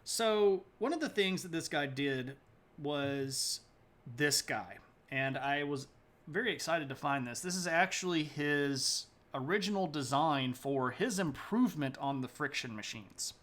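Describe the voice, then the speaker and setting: Joking, slightly high-voiced male history streamer. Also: animated, a little slow, a bit bright. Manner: chatty and joking, greets chat viewers mid-talk; loose and rambling with many fillers. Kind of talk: casual live-stream history lecture.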